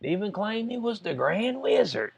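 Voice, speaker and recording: A man hosting his own channel, talking straight to viewers in a slangy, animated, mocking commentary style. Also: high voice, normal speed, gravelly. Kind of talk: casual reaction commentary.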